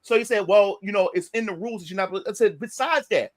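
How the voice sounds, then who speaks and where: A man's voice: sits high, fast, hardly any pauses, no room sound. A man casually retelling a heated confrontation, swearing a lot and acting out what everyone said. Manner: animated, profane retelling of a confrontation, acting out quotes. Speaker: podcast guest. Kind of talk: casual storytelling.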